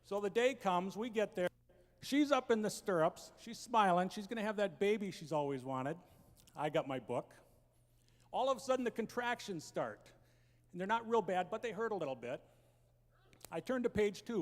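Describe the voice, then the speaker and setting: A man in his thirties telling family stories as a stand-up comedian, acting out the voices and building to shouted punchlines on an auditorium stage. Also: high voice, lively intonation, normal speed. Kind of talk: stand-up storytelling. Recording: long hall reverb.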